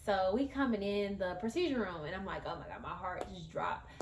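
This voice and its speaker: A woman's voice: mid-range voice, animated, normal speed. Woman vlogger with a casual rambling storytime delivery, recorded in a roomy space with faint background hiss. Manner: chatty and rambling, speaks straight to viewers, many fillers.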